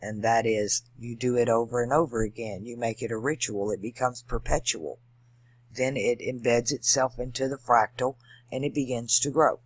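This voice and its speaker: A man's voice: mid-range voice, fairly even intonation, normal speed, dry recording. A man talking to camera in a rambling monologue, digressive and emphatic, stopping to spell words out letter by letter. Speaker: video channel host. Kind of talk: rambling monologue on language and esoterics.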